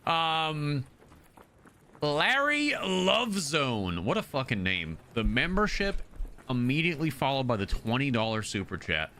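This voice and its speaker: A man's voice: mid-range voice, very animated, normal speed, bright, forceful tone, a little hiss or hum. A young American man streaming live, chatting casually with his viewers, reading chat aloud in a brash, joking, profane way. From United States. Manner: reads and answers chat aloud. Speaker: game streamer.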